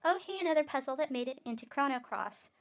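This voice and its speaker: Woman streamer, high voice, reads game text, quick asides between lines. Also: animated. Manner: reads aloud, breaks off for asides. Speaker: streamer reading a game aloud. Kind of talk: reading game text with commentary.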